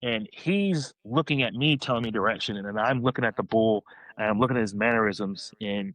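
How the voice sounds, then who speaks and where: A man with a fairly low voice tells a story in casual podcast talk, excited and rambling. He keeps restarting his sentences as the details spill out. The sound is dry and close, with little room echo. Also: a little fast. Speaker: guest hunter telling his story.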